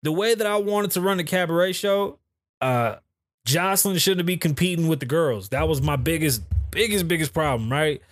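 A man's voice: fairly high pitch, normal speed, no room sound. A man hosting his own podcast, rambling in a blunt, profane, casual way as he chats about pop culture and his city. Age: adult, calls himself too old for festivals. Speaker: podcast host. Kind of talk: casual solo podcast commentary. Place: home in Las Vegas.

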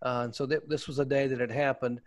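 A man's voice: mid-range voice, little pitch movement, fast, no room sound. A man and former pit reporter, telling a story in a casual interview, enthusiastic and rambling with restarts. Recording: dull, muffled lo-fi audio.

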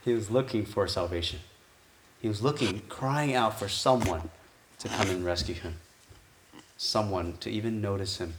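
A man's voice: fairly low pitch, noisy background. A man preaching a conversational sermon as pastor. He thinks aloud and keeps asking his listeners rhetorical questions. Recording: echoey room.

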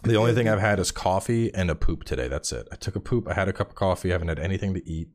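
A tired man in his thirties, a podcast guest chatting casually and telling animated stories with plenty of swearing. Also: deep voice, very fast. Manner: animated storyteller, swears freely. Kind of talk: casual chat.

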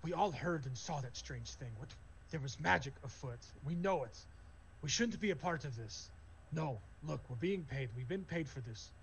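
A man's voice: a little high, lively intonation, normal speed, slight background noise. A man voicing a band of wary, tough-acting orc guards in a tabletop game. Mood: arguing. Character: gruff wary orc guards, male and female.

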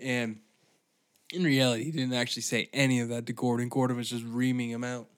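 A man with a sore, scratchy throat rambles through a solo podcast in a loose, profane, self-mocking way. His pitch sits in an ordinary middle range. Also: little pitch movement, quick pace. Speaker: podcast host.

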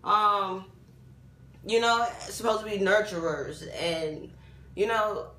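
A woman co-hosting a casual podcast chat, speaking emphatically in quick bursts and acting out little scenes. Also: mid-range voice, bright, forceful tone. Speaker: podcast co-host. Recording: echoey room with faint background noise.

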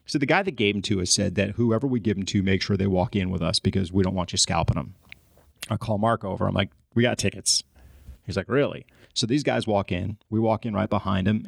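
Brief: male podcast guest, rapid-fire anecdote, dry close sound. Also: fairly low pitch, creaky, husky, no echo. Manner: animated storyteller, acts out his own frustration. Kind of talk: storytelling in casual podcast chat.

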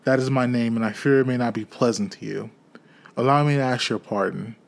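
A man voicing a joyful, humbled old miser who speaks in a low, hushed, eager way. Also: steady tone, brisk, creaky, lightly acted. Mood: earnest.

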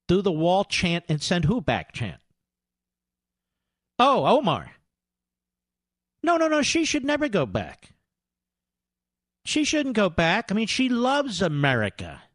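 A man's voice: on the high side, fairly bright tone, dry recording, clean studio sound. A man hosting a political talk radio show, combative and sarcastic, mocking his targets as he talks.

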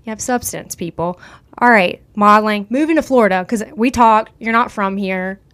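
A woman with a slight country accent hosts an interview in a casual, chatty way. She sounds encouraging and fills her sentences with "like." Her voice sits at an ordinary, mid pitch. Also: normal speed, fairly bright tone. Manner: chatty, uses "like" a lot, encouraging. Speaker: show host.

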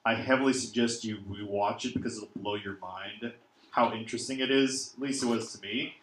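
A man chatting casually about his music tastes, rambling and excitable, a bit drunk. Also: on the low side, a little fast, reverberant, a little hiss or hum, poor audio. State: tipsy. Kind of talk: casual chat.

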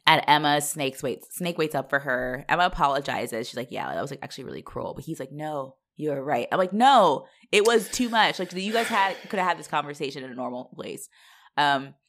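A woman co-hosting a casual podcast recap, animated and laughing, acting out characters in quick voices. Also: sits low. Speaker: podcast co-host recapping a TV show. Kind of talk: casual chat.

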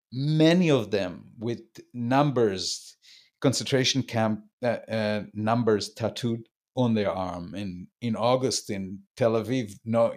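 Older man telling a slow, searching story. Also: on the low side, darkish tone. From Israel. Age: 70s. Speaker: guest. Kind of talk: reflective storytelling conversation.

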